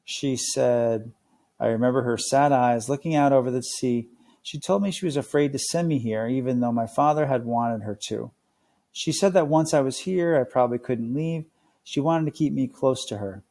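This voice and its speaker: A man narrating a novel as a read-along, with a steady, clear reading meant for learners. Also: mid-range voice, moderate pace.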